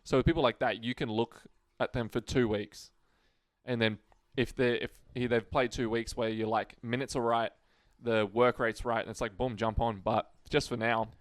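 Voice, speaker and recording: Male podcast co-host; relaxed, rambling, swears, mid voice, dry recording. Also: mid-range voice, moderate pace, no echo. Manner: laid-back, swears freely, rambling. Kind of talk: casual sports chat.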